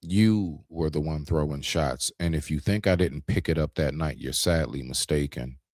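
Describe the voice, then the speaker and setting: A man's voice: extremely low pitch, moderate pace, no echo, clean studio sound. A man co-hosting a talk stream, arguing his point in a heated, emphatic casual debate. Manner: animated, confrontational, emphatic, demonstrates raising his voice.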